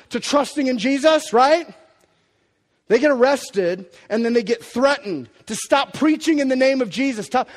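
A middle-aged man preaching a sermon as pastor, animated and acting out quotes of Bible figures in a casual way. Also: very high-pitched, in a large hall.

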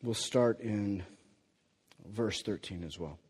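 Husky male pastor in a reverberant hall. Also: lowish voice, takes it slowly. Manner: animated storytelling, swings from quiet to loud. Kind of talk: sermon.

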